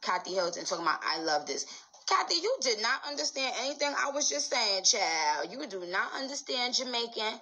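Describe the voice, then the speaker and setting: A woman's voice: fairly high pitch, big pitch swings, a little fast, few pauses, sharp tone. A woman hosting a livestream, chatting casually and playfully with her viewers. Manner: playful, chatty, bursts of laughter. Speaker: livestream host.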